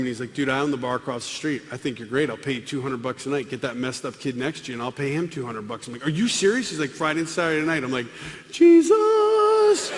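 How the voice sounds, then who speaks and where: Man, middle-aged, comic testimony, acts out voices, slightly high voice, long hall reverb. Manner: animated, acts out dialogue with voices. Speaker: speaker giving a testimony. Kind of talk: comic storytelling testimony to a live audience. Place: large hall with live audience. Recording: long hall reverb, faint room noise.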